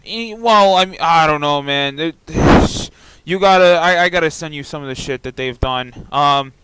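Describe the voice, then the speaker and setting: A man's voice: a little high, moderate pace, fairly bright tone, smooth, no echo, low-quality recording. A man co-hosting a talk radio show, chatty and hesitant, with many restarts. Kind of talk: casual talk-radio chat.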